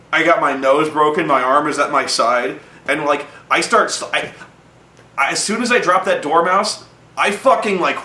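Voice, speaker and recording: A man recounts an old tabletop game in an animated, profane way, jumping up in pitch whenever he acts out a line. His voice is bright and forceful. He sits in an echoey room with a faint hum behind him. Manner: profane, excitable, acts out quotes in a raised voice. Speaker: host telling a tabletop game story. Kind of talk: animated storytelling.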